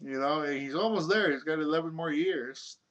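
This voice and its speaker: A man's voice: a little high, fairly quick, fairly bright tone, lo-fi sound. A young man telling a story from his own life in a rambling, casual way, full of filler words and swearing.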